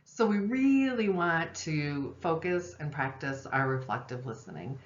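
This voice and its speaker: Low-voiced woman teaching in an echoey room. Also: a little slow. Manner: calm and explanatory, with frequent "um" and "okay?" check-ins. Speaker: parenting instructor and social worker. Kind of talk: recorded lesson. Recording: echoey room, dull lo-fi sound.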